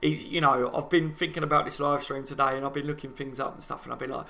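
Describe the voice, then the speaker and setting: A man's voice: mid-range voice, steady tone, fast, vocal fry, sharp tone. A man with a Liverpool accent hosting a fan live stream, chatting passionately to viewers about an upcoming match and reading out their comments. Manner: passionate, chatty, talks to viewers as "guys" and "lads".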